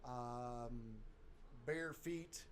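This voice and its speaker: A man's voice: mid-range voice, very slow, slight background noise. Dry-joking man on a comedy chat show. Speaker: podcast co-host. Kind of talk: casual chat.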